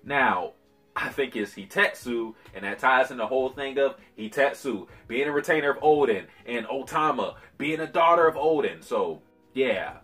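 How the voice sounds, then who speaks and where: A man with a husky voice reviewing anime chapters in a casual vlog, animated, slangy and profane. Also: mid-range voice, normal speed, soft background music.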